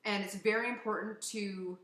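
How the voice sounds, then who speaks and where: Woman, podcast co-host, animated storytelling, bright tense voice, roomy echo. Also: mid-range voice, normal speed. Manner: animated, swearing, acts out quotes. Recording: echoey room.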